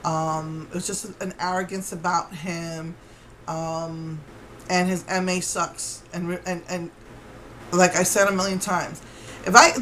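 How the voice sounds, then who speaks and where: Woman vlogger, lowish voice, indignant, rambling retelling, faint background hiss. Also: flat delivery, measured pace, fairly bright tone, rough recording. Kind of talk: casual storytelling to camera.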